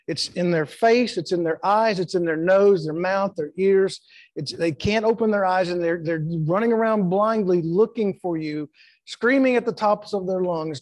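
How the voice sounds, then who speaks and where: Middle-aged male pastor, high-pitched, emphatic sermon delivery, dry close mic. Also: a little mellow, no echo. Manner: emphatic preaching with acted-out quotes and repetitions. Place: church sanctuary.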